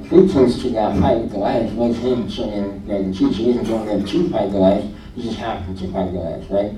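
A man's voice: medium pitch, dark tone, far from the mic, a little hiss or hum. A man in his thirties giving a personal testimony to a church congregation, telling his story animatedly and acting out his own thoughts with laughter. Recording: roomy hall, speaker away from the mic, faint ambience.

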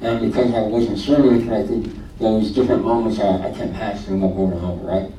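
A man in his thirties tells his personal story to a congregation with animated, laughing delivery, voicing his own past thoughts along the way. His voice sits low and mellow. He is heard from some distance in a roomy church hall with a faint hum of ambience. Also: fairly quick. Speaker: church member giving testimony.

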